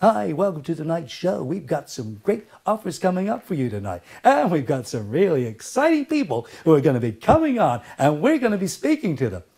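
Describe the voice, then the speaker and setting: A man's voice: a little high, very animated, brisk, gravelly, hardly any pauses, breathy edge, full character voice. A man mimicking a slick, insincere TV host. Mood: salesy. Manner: bright, salesy, scripted cheer.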